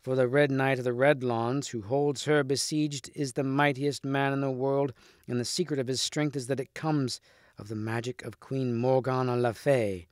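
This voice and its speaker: A man's voice: mid-range voice, fairly even intonation, moderate pace, no echo, studio quality, close to an everyday voice. A man voicing a scornful, haughty young noble lady who sneers and insults. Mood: warning.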